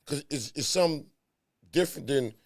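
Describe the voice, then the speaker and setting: Gravelly man talking with emphasis. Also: a little high, fairly quick. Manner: emphatic, preachy, repeats words. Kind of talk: casual heart-to-heart talk.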